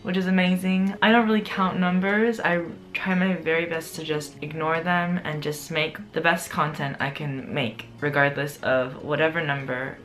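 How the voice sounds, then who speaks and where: A man's voice: a little high, little pitch movement, moderate pace, hardly any pauses, a bit bright. A young man chatting casually to camera as a vlogger, giggly and full of "like" fillers. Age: young adult. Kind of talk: casual vlog chat.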